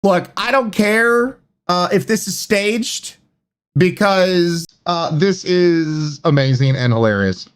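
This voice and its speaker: A man's voice: sits high, takes it slowly, smooth. A man streaming live, chatting casually, reading out chat and rambling with lots of fillers. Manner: rambling, reads chat aloud, many fillers.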